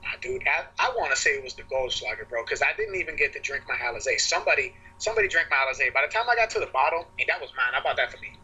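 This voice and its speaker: A young man on a podcast telling a wild party story in casual chat, animated and laughing often, acting out quoted voices in a high pitch. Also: very fast, few pauses, breathy edge, lo-fi sound. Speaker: podcast co-host.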